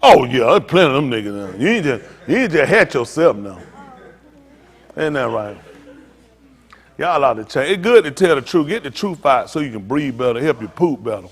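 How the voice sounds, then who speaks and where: A man's voice: mid-range voice, sing-song, normal speed, long reverb tail. An older man, a pastor, teasing a group and telling funny stories in a loose, joking way. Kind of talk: comedic storytelling to a group.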